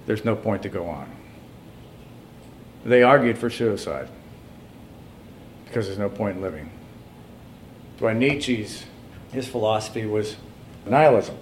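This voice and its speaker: A man preaching a sermon, dropping to quiet asides and then climbing to loud, high, emphatic passages as he reads quotations aloud. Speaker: pastor.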